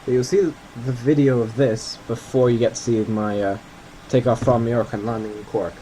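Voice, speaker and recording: Mellow-voiced man rambling over gameplay. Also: medium pitch, fairly even intonation, moderate pace, slight background noise. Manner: rambling, self-deprecating, thinking aloud. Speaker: gaming video host. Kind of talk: casual gameplay commentary.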